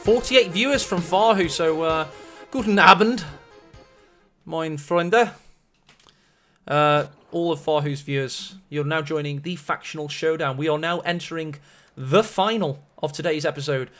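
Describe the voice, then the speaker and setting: Man, esports caster, live-stream commentary, rambling, self-mocking, slightly high pitch. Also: normal speed, hardly any pauses, fairly bright tone, soft background music.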